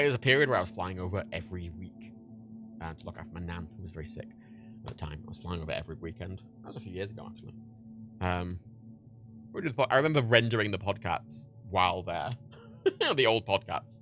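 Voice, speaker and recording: A man's voice: sits low, lively intonation, quick pace, fairly bright tone, soft background music. A young man from Ireland chatting casually on a livestream while he packs orders, rambling, swearing and laughing at himself. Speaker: livestream host.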